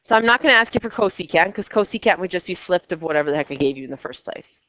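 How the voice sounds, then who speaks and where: A woman's voice: fairly low pitch, animated, rapid-fire, bright, forceful tone, highs cut off. Chatty woman teaching a math class. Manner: chatty, coaxing the class with questions. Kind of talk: classroom lecture.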